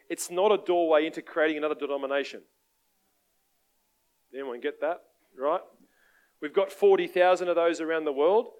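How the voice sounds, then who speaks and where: A man with an Australian accent preaching a sermon, telling stories in a conversational, animated way and asking the congregation for amens. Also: sits high. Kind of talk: sermon with storytelling.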